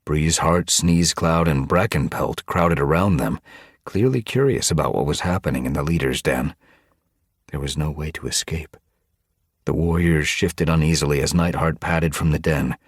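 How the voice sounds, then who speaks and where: A man narrating an audiobook with expressive, dramatic storytelling. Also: rumbling low, moderate pace, breathy edge, dry recording, studio quality. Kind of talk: scripted narration.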